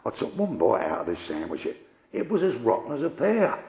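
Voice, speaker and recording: An older man doing gruff, conversational stand-up storytelling. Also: lowish voice, wildly swooping pitch, fairly quick, muffled recording. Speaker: stand-up comedian.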